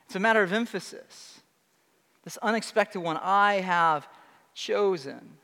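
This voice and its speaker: A man's voice: sits high, a little slow, vocal fry, bright, forceful tone, clear, resonant tone, big-room sound. A man preaching a sermon as pastor, conversational and emphatic, often restarting and asking rhetorical questions. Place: church sanctuary.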